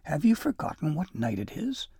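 A man's voice: fairly high pitch, huge pitch swings, normal speed, creaky, mellow, slightly rough, no room sound, studio quality, voice pushed up, exaggerated voice. A man voicing a jolly, proud old male elf inventor who talks in hearty exclamations. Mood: fussing.

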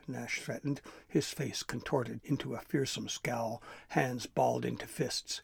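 A man narrating a children's story in an expressive, dramatic way. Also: medium pitch, a little slow, creaky, hardly any pauses, breathy edge, no room sound, studio quality.

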